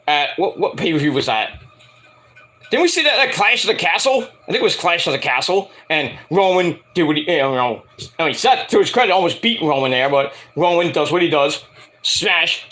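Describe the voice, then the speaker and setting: His voice sits on the high side and sounds pushed and bright. He rambles through a profane, joke-filled review of a wrestling show, speaking casually to his audience.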